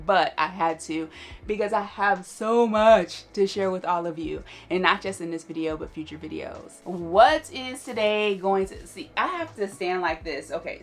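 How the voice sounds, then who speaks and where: A jet-lagged woman hosting a casual vlog from her closet room at home, talking straight to her viewers in an animated way. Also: on the low side. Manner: animated, talks straight to viewers with repeated yeses and listens. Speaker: vlogger host. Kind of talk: casual chatty vlog to camera.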